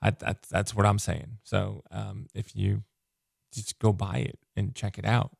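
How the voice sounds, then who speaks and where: Gravelly-voiced man gushing about comics. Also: fairly low pitch, measured pace, no echo, studio quality. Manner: excitable and rambling, heavy on "like" fillers. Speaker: comic book reviewer. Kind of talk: casual spoken comic review.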